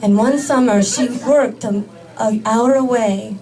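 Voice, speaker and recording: A woman doing a stand-up quote of an earnest Spanish man who speaks halting, overly formal English. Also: extremely high pitch, steady tone, a little mellow, heavily acted. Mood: somber. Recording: distant stage mic with audience.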